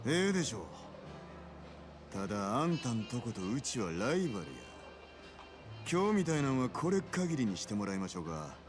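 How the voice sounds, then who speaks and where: A man's voice: medium pitch, big pitch swings, rapid-fire, pauses often, lightly acted. An actor voicing a proud male business rival in a game, speaking bluntly with a Kansai Japanese accent. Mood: challenging. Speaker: game character. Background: game music.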